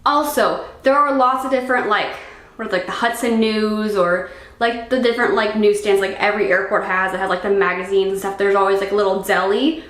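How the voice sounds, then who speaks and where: A woman's voice: medium pitch, steady tone, fairly quick, fairly bright tone. A young woman vlogging casually at home on a camera mic. She rambles and fills her talk with "like" and "um". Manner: chatty and rambling, full of "like" and "um". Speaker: fitness vlogger. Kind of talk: casual vlog chat. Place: room at home. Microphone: camera microphone. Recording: roomy echo.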